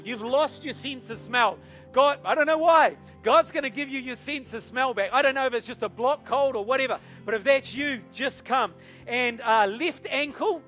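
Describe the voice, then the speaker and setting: A man, a pastor, leading an altar call and prayer in a church service, hushed at times and urging at others. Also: very high-pitched. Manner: soft and hushed while praying, rising to loud urging. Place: church service with music behind.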